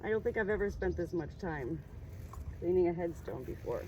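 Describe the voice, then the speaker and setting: A woman vlogging as she cleans a gravestone, speaking softly and reverently and addressing the dead directly. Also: on the low side, animated, normal speed. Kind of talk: casual narration while working. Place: outdoor cemetery. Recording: noisy outdoor audio with passing traffic.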